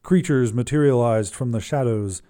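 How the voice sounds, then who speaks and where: A man hosting a flash fiction podcast, reading the story in even, measured narration. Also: mid-range voice.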